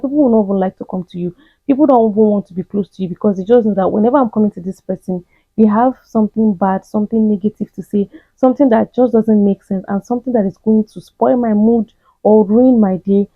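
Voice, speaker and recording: A woman delivers a blunt, repetitive self-help lecture straight at the listener. Her voice sits at a middle pitch and comes through thin and tinny, like a phone line. The sound is close and dry, with no room around it. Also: dry recording. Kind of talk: direct-to-camera advice monologue.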